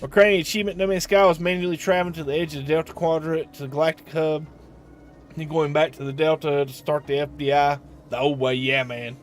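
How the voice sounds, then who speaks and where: A man's voice: a little high, level tone, quick pace. A man live streaming a video game, chatting casually and answering his viewers' chat with lots of restarts.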